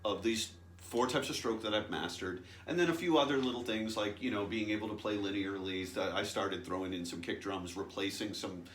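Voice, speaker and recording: A man's voice: fairly low pitch, fairly quick, few pauses, fairly bright tone, echoey room, slight background noise. A man teaching drumming, explaining stick strokes in a practical, conversational way and often checking in with "right?". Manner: explanatory, counts beats aloud, frequent "right?" tags. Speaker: drum teacher. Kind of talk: instructional demonstration. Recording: drums and clicks behind voice.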